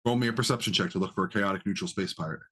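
A man's voice: sits low, rapid-fire, pushed and bright. Laid-back male game master. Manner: casual, filler-heavy narration. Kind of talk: narrating a tabletop game.

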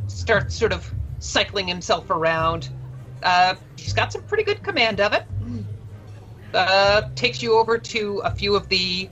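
A woman runs a tabletop game and describes the scene in a relaxed, chatty way. Her voice is bright and crisp, and she adds small fillers as she goes. Soft music plays in the background. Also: medium pitch, lo-fi sound. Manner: casual and chatty, with fillers and laughs. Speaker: game master.

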